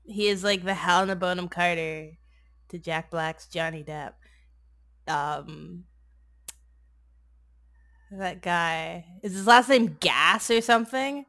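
A lowish, fairly bright female voice takes its time, with long pauses, as a comedy podcast co-host summarizes a movie. The recap is rambling and crude, laced with sarcasm, frequent swearing and constant "like."

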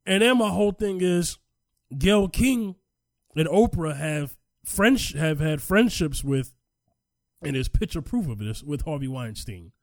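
A man co-hosting a casual podcast chat, talking in an animated, emphatic way as he tells a story. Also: on the high side, unhurried, no echo, studio quality. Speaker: podcast co-host.

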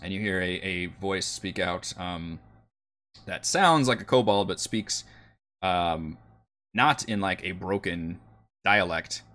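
A man runs a tabletop game as game master. His narration is very slow and studded with ums and uhs. His voice sits on the low side. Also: sharp tone. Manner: slow, with frequent fillers.

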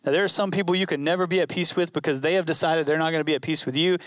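A man's voice: a little high, steady tone, rapid-fire, a bit bright, dry recording, studio quality. A man preaching a sermon in an earnest, conversational way, repeating key phrases. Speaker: pastor.

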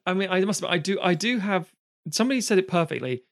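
A man's voice: high-pitched, sing-song, quick pace. A man co-hosting a casual film podcast, swearing freely and acting out quoted voices. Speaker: podcast co-host.

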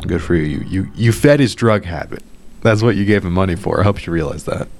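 Deep-voiced man ranting, profane and sarcastic. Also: fairly quick, a little mellow, soft background music. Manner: stammering restarts when worked up. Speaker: podcast host. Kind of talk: ranting commentary over a read-out article.

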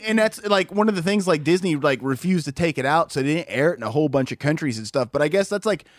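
Rambling man, higher voice, dry. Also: animated, fast talker, no echo. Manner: rambling, heavy on fillers and swearing. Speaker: podcast co-host. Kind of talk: casual podcast chat.

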